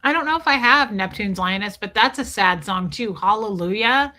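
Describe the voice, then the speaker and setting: A woman in her thirties chats with her live viewers in a bright, forceful voice. She rambles from topic to topic, reads out comments and throws in the odd swear. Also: medium pitch, lively intonation, normal speed. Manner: rambling, chatty, swears, mimics movie lines. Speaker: livestream host reading chat. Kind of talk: casual chat with live viewers.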